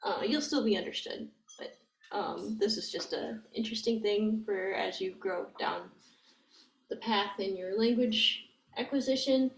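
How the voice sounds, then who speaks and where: A woman's voice: mid-range voice, a little slow, vocal fry. A woman teaching language grammar, explaining step by step in a patient way and thinking aloud with many fillers. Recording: echoey room with faint noise.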